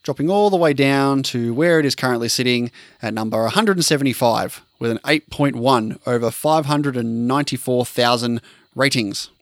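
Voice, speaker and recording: A man's voice: mid-range voice, normal speed, dry recording, studio quality. An Australian man co-hosting a casual film podcast, reading out film trivia with chatty asides. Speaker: podcast co-host.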